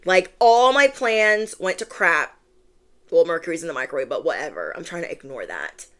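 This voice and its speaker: A woman's voice: lowish voice, big pitch swings, normal speed, a bit bright. A young woman talking casually to her viewers during a spiritual tarot reading, rambling and filling her talk with asides and quoted lines. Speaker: tarot reader.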